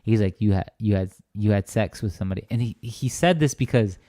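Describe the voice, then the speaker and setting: A man's voice: fairly low pitch, brisk, dark tone, no room sound, clean studio sound. A young man telling a personal faith story as an interview guest, earnest and rambling, often checking in with "right?". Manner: earnest, rambling with many restarts and "right?" tags. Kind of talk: conversational testimony.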